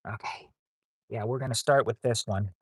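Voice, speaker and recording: A man's voice: mid-range voice, moderate pace, slightly rough, dry recording, clean studio sound. A man hosting a livestream game night on his phone in a casual, rambling way, reading out viewers' names and answers.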